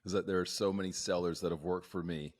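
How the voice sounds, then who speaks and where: A man's voice: low-pitched, fairly even intonation, fast. A man hosting a sales podcast, asking his guest for a story in a playful, chatty way. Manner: playful, laughs often. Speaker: podcast host. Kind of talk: casual podcast interview.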